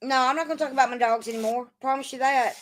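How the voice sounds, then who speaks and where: A high, steady-toned female voice at a quick pace belongs to a casual livestream host. She swears a lot, answers her chat directly, and argues right back at it in a combative, profane style.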